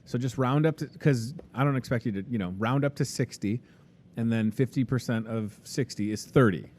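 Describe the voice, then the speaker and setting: A man's voice: medium pitch, a little mellow, slight background noise. A young man with a Midwestern American accent hosting a casual store promo, chatty and upbeat with joking sales patter. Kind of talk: casual live promo talk.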